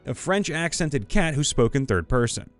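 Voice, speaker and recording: A man narrating viewer stories in a scripted voice-over, reading lively and sometimes slipping into put-on voices. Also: medium pitch, moderate pace. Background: faint background music.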